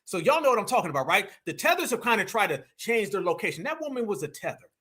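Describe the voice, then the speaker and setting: A man hosting a casual livestream, talking in an animated, slangy and mocking way. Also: high voice, fast, breathy edge. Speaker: livestream host.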